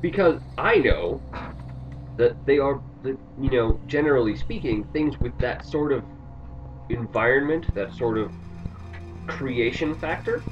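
A man rambles through gaming lore in a casual chat and breaks into theatrical bursts of mock panic. He sits back from the mic, so his voice sounds muffled. Music plays clearly behind him. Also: medium pitch, a little slow, long pauses, recorded from a distance.

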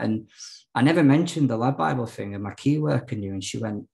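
A man's voice: mid-range voice, brisk, gravelly, warm tone, poor audio. A man, a podcast guest telling his story candidly, rambling with lots of fillers and restarts.

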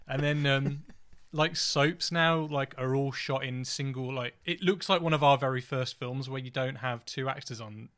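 A man's voice: medium pitch, moderate pace, a bit bright. A man co-hosting a podcast, telling rambling anecdotes in an easygoing way and laughing at himself. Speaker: podcast co-host. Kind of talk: casual chat.

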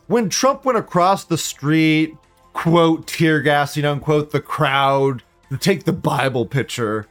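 A man's voice: a little high, takes it slowly, a bit bright, faint music behind. A man hosting a live show, reading viewer comments aloud and reacting in a blunt, profane, ranting way. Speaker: livestream host.

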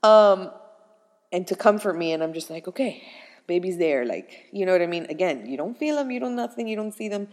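A young woman casually telling her pregnancy story in an animated, chatty way with plenty of fillers. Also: fairly low pitch, fairly quick, long reverb tail.

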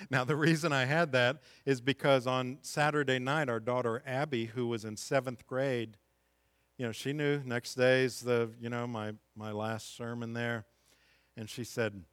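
A middle-aged male pastor delivering a sermon, moving between calm scripture reading and impassioned, emphatic peaks. His voice sits in a moderate range and sounds dry and close, with little room sound. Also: mid-range voice, unhurried, clear, resonant tone, dry recording.

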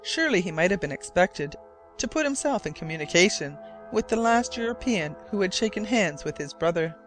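A man narrates a classic adventure audiobook in the first person, with measured, formal phrasing. His voice sits slightly high, and soft music plays faintly underneath. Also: expressive.

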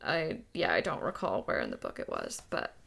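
A woman co-hosting a casual book chat, relaxed and reflective, often trailing off mid-thought. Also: a bass voice, moderate pace, creaky, breathy edge. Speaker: podcast co-host.

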